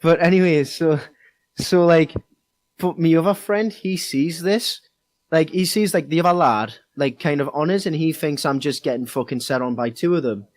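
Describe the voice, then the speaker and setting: Young Geordie guy for a casual podcast, rambling, lots of swearing, raised pitch, dry close sound. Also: moderate pace, dry recording. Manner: rambling, heavy swearing, many fillers. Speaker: podcast co-host. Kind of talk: casual storytelling.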